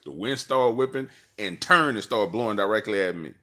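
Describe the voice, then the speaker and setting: A man hosting a livestream from his car, telling a personal story in a slangy, animated way and acting out the dialogue. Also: fairly low pitch, brisk. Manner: slangy, acts out dialogue, laughs often. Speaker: livestream host.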